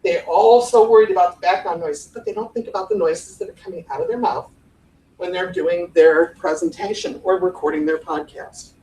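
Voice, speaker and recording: This conference presenter, a woman in her forties from the Cleveland area, talks a little fast in a lowish voice while playfully demonstrating tones of voice. Her animated workshop on podcast voice technique is recorded live from a distance in a roomy conference room with an audience, with some faint hiss or hum.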